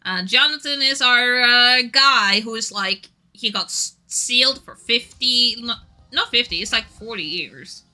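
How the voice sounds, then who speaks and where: Bright-voiced giggly woman streamer. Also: fairly high pitch, measured pace. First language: Norwegian. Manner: giggly, rambling, self-deprecating. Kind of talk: casual stream chat.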